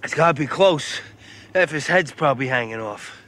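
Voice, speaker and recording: An actor playing a blunt, cursing mobster partner out in the woods, in a clip played from a TV series. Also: male voice, a little high, animated, moderate pace, a bit bright. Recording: distant clip audio.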